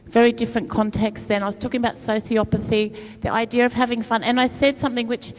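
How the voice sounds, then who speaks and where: A woman's voice: a little high, little pitch movement, fast, slight background noise. A middle-aged woman, a comedian giving a talk at an event and telling a self-mocking, funny story in a chatty way. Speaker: speaker at a climate event. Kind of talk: humorous storytelling speech.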